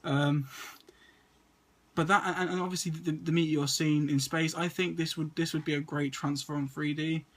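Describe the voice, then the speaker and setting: A man's voice: fairly high pitch, level tone, normal speed, a bit bright. A man, stuttering and restarting often as he casually talks through a list of movies to his camera. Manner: stutters and repeats words often. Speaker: movie vlogger.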